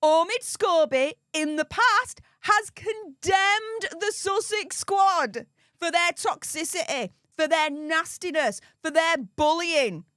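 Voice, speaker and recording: Animated, teasing woman streamer. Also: very high-pitched, takes it slowly, dry recording, studio quality. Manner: animated and mocking, gleefully teasing. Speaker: livestream host. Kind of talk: casual live commentary.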